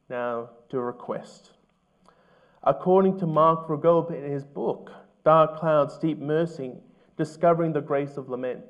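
Male pastor, sermon delivery, earnest and measured, fairly high voice, muffled sound. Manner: earnest, measured preaching with rhetorical questions.

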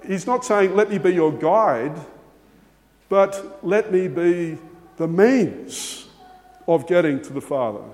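A man's voice: fairly high pitch, darkish tone, in a large hall. A man preaching a sermon, earnest and emphatic, repeating key words for stress. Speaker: pastor.

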